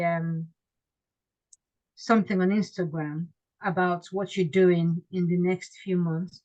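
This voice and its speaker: A woman's voice: mid-range voice, muffled recording. A woman participant in a group call, politely asking the host a question with some hesitation.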